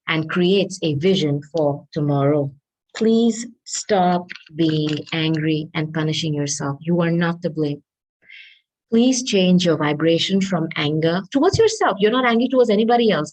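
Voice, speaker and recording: A woman with a slightly low voice gives a tarot reading straight to the listener. She is earnest and coaxing, reads the card messages slowly and often checks in with "okay?". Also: darkish tone, poor audio. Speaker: tarot reader.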